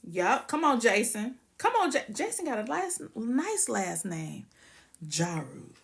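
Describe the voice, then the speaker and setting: A woman's voice: fairly high pitch, very animated, measured pace, vocal fry. A woman hosting a casual livestream, ranting bluntly and profanely and greeting viewers by name. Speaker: livestream host.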